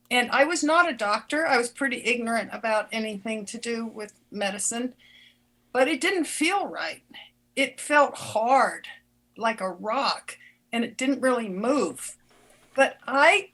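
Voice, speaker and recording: High-voiced older woman telling a story. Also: a bit bright. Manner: earnest, halting, restarts often, quick short laughs. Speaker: author and former doctor telling her story. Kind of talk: conversational storytelling interview.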